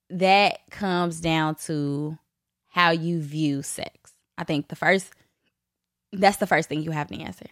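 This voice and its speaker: A young woman hosting her own podcast, talking candidly and bluntly with lots of swearing and laughter, her voice jumping from loud bursts to low asides. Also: no echo, clean studio sound. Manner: blunt, profane, laughing often. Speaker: podcast host. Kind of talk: candid solo podcast talk.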